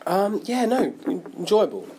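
A man's voice: sits high, big pitch swings, normal speed, mellow. A man with an English accent, an actor in a press interview, speaking hesitantly with many restarts.

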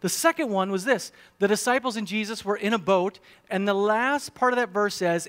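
A man's voice: sits high, normal speed, hardly any pauses, fairly bright tone. A male pastor, preaching a sermon full of rhetorical questions and rising emphasis.

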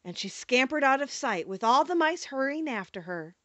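Woman narrator, storybook audiobook, expressive, high pitch, very dry sound. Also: normal speed, no room sound, muffled recording. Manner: expressive, animated reading.

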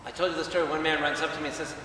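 A man, a priest, preaching a lively Bible study to a congregation, asking questions and acting out quotes. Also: a little high, very fast, a little hiss or hum. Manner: animated, questions the audience, acts out quotes. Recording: echoey hall, speaker far from mic.

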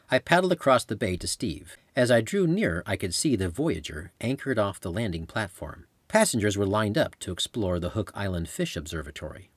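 Husky, low-voiced memoir narrator. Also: male voice, very animated, normal speed, hardly any pauses, no echo. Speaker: author and narrator.

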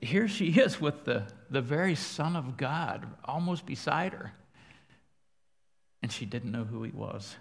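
Gravelly-voiced preacher in a reverberant church. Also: male voice, medium pitch, lively intonation, a little slow. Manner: folksy storytelling, swings from quiet prayer to loud. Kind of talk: sermon. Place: church sanctuary. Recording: church livestream with long hall reverb.

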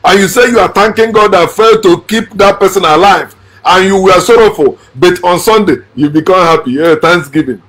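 A man delivering a blunt, lecturing monologue. He repeats his points and swings between shouting and quiet talk. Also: high-pitched, brisk. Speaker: channel host.

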